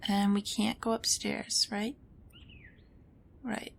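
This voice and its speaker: A woman's voice: mid-range voice, little pitch movement, slow, gravelly, slight background noise. A woman playing a game and thinking aloud, musing and asking herself questions as she goes. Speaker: let's play gamer. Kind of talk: casual game commentary.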